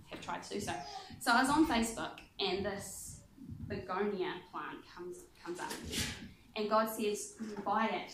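Animated woman. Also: medium pitch, reverberant, background noise. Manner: animated storytelling, laughs often. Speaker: guest speaker. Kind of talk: humorous testimony sermon.

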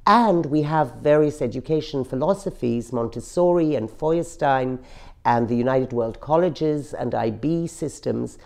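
A low-pitched woman with a gravelly, mellow voice, speaking as an interview guest. She is middle-aged and talks earnestly, leaning hard on key words. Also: unhurried. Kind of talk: emotional personal interview.

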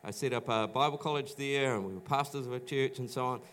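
Middle-aged New Zealand pastor telling stories. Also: male voice, mid-range voice, fast, a bit bright. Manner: conversational storytelling, many restarts, acts out quoted voices. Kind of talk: sermon with personal testimony. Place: church auditorium.

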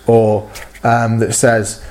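A man's voice: medium pitch, completely flat delivery, very slow, a little mellow. A man giving a sermon, talking earnestly and conversationally with frequent stammered repeats. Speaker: preacher.

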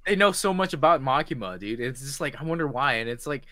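A man in casual chat about anime, animated and profane, laughing often. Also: mid-range voice, quick pace, crowd noise.

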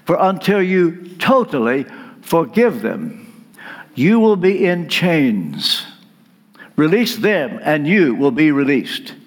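A man's voice: a little high, sing-song, takes it slowly, exaggerated voice. A man putting on a firm Romanian-accented old friend. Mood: insistent. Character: older Romanian male friend, earnest and insistent.

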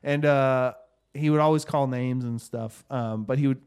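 A man in his thirties telling a story as podcast host, in an animated, casual way with quick asides and swearing. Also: mid-range voice, smooth.

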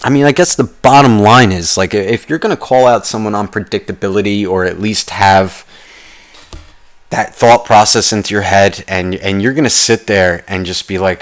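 A young man ranting casually, profane and rambling, telling a story with animated quoted voices. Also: lowish voice, normal speed. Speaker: podcast host.

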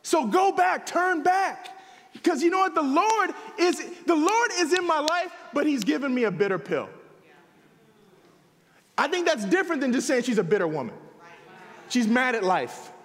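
A man preaching a sermon with a very high, lively voice, talking plainly with the congregation and firing off rhetorical questions. The long reverb of a church sanctuary hangs on his words. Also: normal speed. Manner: conversational, animated, rhetorical questions. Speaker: pastor.

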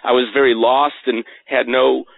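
A man telling a personal story as a guest in an interview, earnest and animated, often stumbling over repeated words, heard over a tinny phone line. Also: mid-range voice, moderate pace, gravelly. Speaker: guest author.

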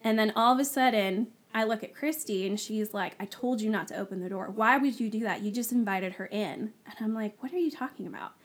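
A woman, a guest on the show, telling her personal story in a casual, animated way, acting out the dialogue she quotes. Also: mid-range voice, fairly quick, few pauses. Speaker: guest sharing her testimony.

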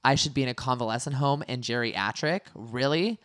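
A woman's voice: very deep voice, brisk. Chatty woman telling stories, full of "like". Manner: animated storyteller, full of "like". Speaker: podcast co-host. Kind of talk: casual chat.

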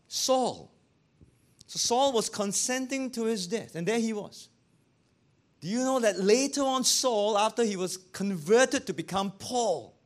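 A male pastor who preaches in an animated way, asking rhetorical questions and acting out quotes. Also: sits high. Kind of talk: sermon.

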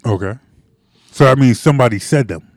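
A man co-hosting a casual sports talk show, chiming in with quick agreements and punchy remarks. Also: medium pitch, no room sound, clean studio sound. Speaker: podcast co-host.

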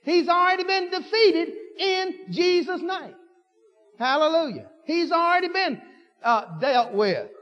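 A man preaching a sermon, folksy and fervent, repeating himself and building to shouts. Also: very high voice, animated, unhurried. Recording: dull lo-fi recording with long hall reverb.

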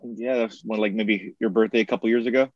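A man's voice: on the low side, steady tone, fast talker, no room sound, highs cut off. A man co-hosting a casual podcast chat, adding laid-back, wry remarks. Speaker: podcast co-host.

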